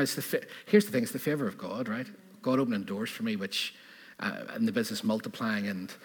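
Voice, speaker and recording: Husky-voiced preacher in a ringing hall. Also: male voice, lowish voice. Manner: animated, with rhetorical questions and laughing asides. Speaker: pastor. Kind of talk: sermon. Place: church hall. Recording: reverberant church hall.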